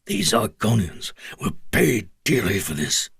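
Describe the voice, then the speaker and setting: A man's voice: on the low side, big pitch swings, a little slow, fairly bright tone, dry recording, studio quality, exaggerated voice. A man voicing a wounded, vengeful alien male commodore who growls weakly. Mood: growling. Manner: growling, weak and gravelly.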